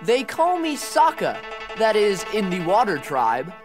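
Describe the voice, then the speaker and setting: Bragging cartoon teen boy, slow sing-song drawl, music loud behind. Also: sits high, huge pitch swings, heavily acted. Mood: proud. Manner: boastful, sing-song rapping. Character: cocky teenage boy warrior, boastful joker.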